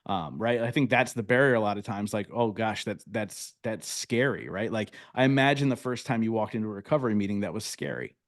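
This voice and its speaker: A man's voice: on the low side, fast, few pauses. A man hosting a podcast interview, reflective and agreeable as he responds to his guest. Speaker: podcast host.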